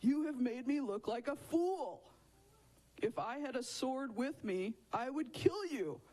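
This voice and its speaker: Dude doing a greedy old-time prophet, high and worked up. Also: male voice, measured pace, breathy edge, exaggerated voice. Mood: furious. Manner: excited, boastful, then shouting. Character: greedy, hot-tempered ancient male prophet.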